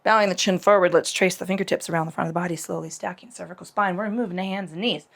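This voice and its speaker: A woman's voice: fairly low pitch, steady tone, rapid-fire, creaky. A woman leads a casual yoga session with plenty of swearing. She cues poses and breathing, keeps drifting into rants and back, and drops to a whisper for some of the cues. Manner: profane, ranting, cues moves between tangents. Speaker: yoga instructor. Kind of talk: casual guided yoga class.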